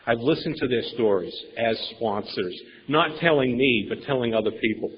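A man's voice: mid-range voice, normal speed, long reverb tail, a little hiss or hum. A man giving a rambling, emphatic personal recovery share at a meeting, repeating words and swearing casually. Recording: dull lo-fi recording.

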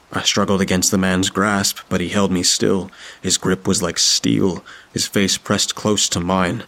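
Man, horror story narration, very deep, gravelly, flat, measured.

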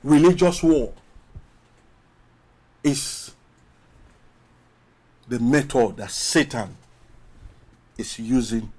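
A male pastor preaching a sermon emphatically, repeating phrases and drawing out his words between pauses. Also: mid-range voice, expressive, darkish tone. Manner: emphatic preaching with long pauses and rising calls.

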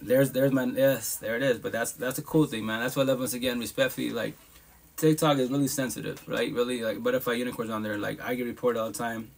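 A man's voice: medium pitch, steady tone, fast talker, creaky. A man hosting a live podcast stream, talking bluntly and profanely in a casual monologue, with emphatic asides. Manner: blunt, profane, emphatic talk with frequent laughs.

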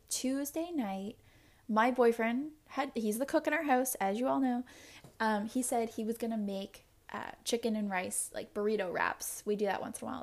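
A young woman hosts a solo podcast and talks candidly about her own life. Her voice carries a gravelly, fry-touched edge. She rambles openly and confessionally, leaning on filler words as she goes. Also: a little high. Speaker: podcast host.

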